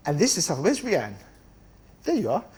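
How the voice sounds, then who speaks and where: A blunt, energetic man in middle age addresses a room of members. His voice sits a little high for a man. He talks fast and informally, swears freely, and keeps checking in with "do you know what I mean". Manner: energetic, blunt, swears casually, chatty asides. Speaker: estate agency network founder speaking to members. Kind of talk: conference talk.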